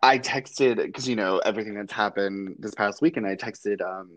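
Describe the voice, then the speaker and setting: A young man in his twenties, co-hosting a podcast in casual, animated chat with quick asides and laughs. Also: on the low side, no room sound. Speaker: podcast co-host.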